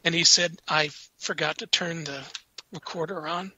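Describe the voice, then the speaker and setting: Lively high-voiced man telling ghost stories. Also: normal speed, no echo. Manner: animated, laughing storyteller acting out quotes. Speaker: paranormal investigator guest. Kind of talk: casual storytelling on a radio show. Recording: dull, lo-fi radio sound.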